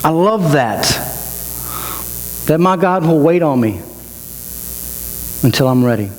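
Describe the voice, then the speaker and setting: A man's voice: on the high side, animated, slow, a little mellow. A male pastor preaching a sermon with emotion, his voice climbing as he builds to each point. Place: church. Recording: reverberant hall with mains hum.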